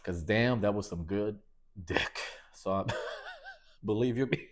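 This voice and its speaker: A man's voice: on the low side, slow. A man talks alone into his podcast mic in a loose, sassy, campy way. He calls his listeners baby and honey and laughs often as he tells his story. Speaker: podcast host. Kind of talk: casual solo podcast monologue.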